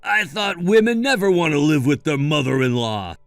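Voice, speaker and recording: A man's voice: on the high side, moderate pace, creaky, no room sound, studio quality, faint music behind. Firm, sarcastic male storyteller. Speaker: first-person story narrator. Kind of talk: scripted story narration with dialogue.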